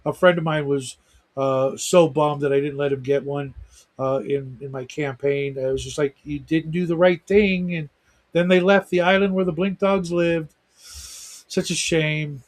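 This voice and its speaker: Middle-aged man, livestream host, casual rambling chat, fillers, slightly high voice. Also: fairly even intonation, unhurried. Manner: rambling, heavy use of fillers. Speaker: livestream talk show host.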